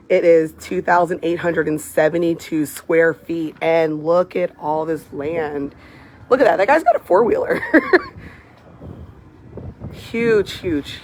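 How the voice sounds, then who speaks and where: A hoarse woman, a real estate agent showing a house on a live phone video, gushing as she walks through it. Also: fairly low pitch. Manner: gushing, enthusiastic, repeats "beautiful" and "I love". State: hoarse, lost voice. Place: walking through a large house, indoors and out. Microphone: handheld phone camera.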